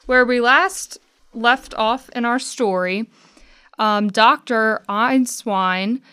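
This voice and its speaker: A woman reading a children's mystery story aloud to a class, slow and careful, stammering out the scared characters' lines. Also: medium pitch, a bit bright, clear, resonant tone. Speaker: guest reader.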